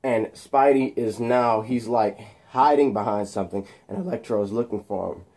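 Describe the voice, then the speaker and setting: A man's voice: on the low side, moderate pace, darkish tone, slightly rough. A man casually retelling a made-up film plot in a rambling way. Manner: rambling, many fillers and restarts. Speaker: storyteller.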